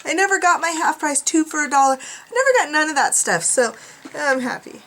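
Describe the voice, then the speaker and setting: A middle-aged woman talking casually to her viewers, chatty and rambling with a self-mocking streak. Her voice sits a little high for a woman. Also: animated, a little fast, fairly bright tone. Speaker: craft vlogger. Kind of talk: casual chat.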